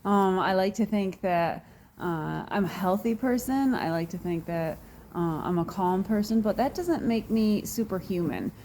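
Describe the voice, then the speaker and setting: A woman speaks directly to her viewers in a reflective, heartfelt way, pausing often and letting out soft sighs. Her voice sits in a middle pitch, and she talks at an unhurried pace. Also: slight background noise. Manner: earnest, emotional, pausing with sighs and laughs. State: near tears. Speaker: wellness show host. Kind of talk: personal reflective talk to viewers.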